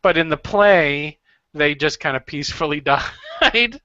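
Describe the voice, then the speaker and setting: A man chatting casually with friends, joking and laughing easily. His voice is high and bright. The sound is dry and dull. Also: expressive, unhurried, no echo. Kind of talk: casual chat. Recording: dull lo-fi audio.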